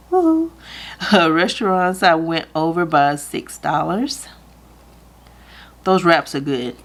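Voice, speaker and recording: A woman, chatting casually to camera about her budget, laughing easily and close to tears at times. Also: deep voice. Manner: chatty, laughs easily, talks through her math aloud. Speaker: budgeting vlogger.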